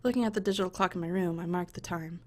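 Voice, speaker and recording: A woman's voice: lowish voice, fast talker. A young woman playing a visual novel, reading the story aloud and cutting in with profane, joking commentary. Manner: expressive, profane, jokey asides. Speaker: let's play host. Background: faint music.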